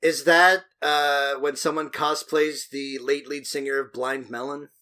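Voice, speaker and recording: A man's voice: a little high, level tone, unhurried, sharp tone, clear, resonant tone. A man co-hosting a movie podcast in casual, joking chat, swearing freely. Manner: joking, profane, loose. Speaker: podcast co-host.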